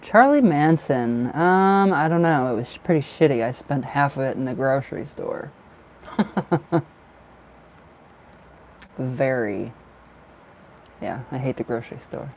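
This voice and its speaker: A drowsy man chats with his viewers at an ordinary pitch, laughing often and letting sentences trail away. He sounds worn out, and faint ambient noise hums under his voice. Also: expressive, slow pace, pauses often, a little mellow. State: tired and drowsy. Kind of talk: casual chat with viewers.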